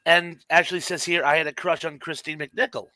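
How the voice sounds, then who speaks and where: A man's voice: fairly high pitch, fairly even intonation, a little fast, bright, forceful tone, no room sound, rough recording. A middle-aged man co-hosting a live podcast, reading out viewer comments and chatting about them. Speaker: podcast co-host. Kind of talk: casual live-stream chat.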